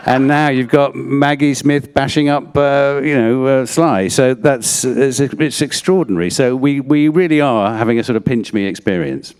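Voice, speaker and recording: A man with a smooth, resonant mid-range voice answers at a live Q&A. He hesitates often, and a long reverb from the hall trails behind his words. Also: medium pitch, normal speed, few pauses, darkish tone. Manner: hesitant, peppered with "you know". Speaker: actor guest on a panel. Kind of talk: on-stage Q&A answers.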